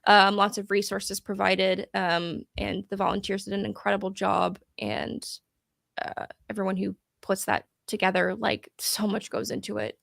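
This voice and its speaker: A bubbly woman co-host chats loosely about dating, laughing a lot and cursing without a second thought. She speaks at an ordinary middle pitch, tipsy on whiskey. Her voice sounds close and dry, with no room around it. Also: little pitch movement, normal speed, creaky, a bit bright, dry recording. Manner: bubbly, laughs often, blunt and profane. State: drinking whiskey. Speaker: co-host of a call-in dating show. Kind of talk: casual chat.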